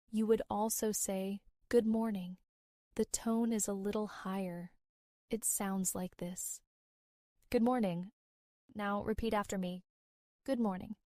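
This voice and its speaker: Slow, clear American woman teaching English. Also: medium pitch, dark tone, no room sound, clean studio sound. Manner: clear, measured, repeats phrases for learners. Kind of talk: slow, deliberate English lesson.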